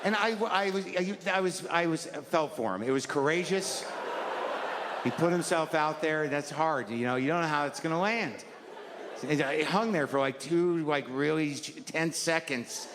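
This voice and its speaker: A middle-aged man doing a neurotic, rambling stand-up routine on a club stage, exasperated and prone to sudden shouted outbursts, with audience laughter behind him. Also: on the high side, measured pace. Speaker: stand-up comedian. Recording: live club recording with long reverb and noise.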